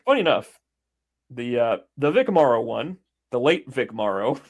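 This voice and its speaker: A man's voice: mid-range voice, normal speed. A man co-hosting a casual podcast, retelling a film scene by scene with lots of swearing and little acted-out bits. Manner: animated storyteller, swears freely, acts out scenes. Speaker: podcast co-host.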